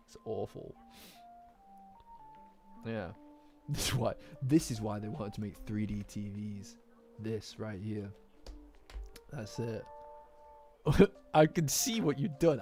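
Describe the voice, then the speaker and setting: A young English streamer in a loose, jokey chat with viewers, laughing often and swearing freely. His voice sits at an ordinary middle pitch. Soft lo-fi music plays quietly underneath. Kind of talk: casual live-chat commentary. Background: faint lo-fi music.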